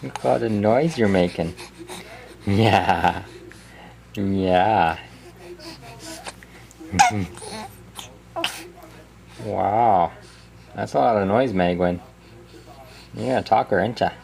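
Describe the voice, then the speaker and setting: Very deep-voiced woman cooing baby talk. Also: extremely slow, vocal fry, pauses often, darkish tone. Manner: cooing sing-song, laughing often.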